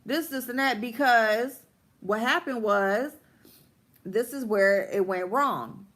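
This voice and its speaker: A woman telling a story during a livestream, animated and blunt, with plenty of swearing. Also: on the high side, takes it slowly. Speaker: livestream host. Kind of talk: casual storytime rant.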